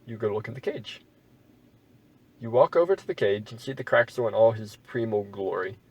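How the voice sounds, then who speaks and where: A man's voice: fairly low pitch, animated, moderate pace, darkish tone, husky, far from the mic, highs cut off. A man reading an AI text adventure aloud and adding wry, bemused asides as he plays. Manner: wry, bemused asides between read-out passages. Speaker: gamer playing an AI text adventure.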